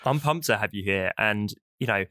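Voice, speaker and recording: A man's voice: lowish voice, expressive, normal speed, sharp tone, dry recording, clean studio sound. A man with a British accent hosting a podcast, upbeat and playful, teasing his guests. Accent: British English. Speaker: podcast host. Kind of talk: upbeat podcast chat with jokes.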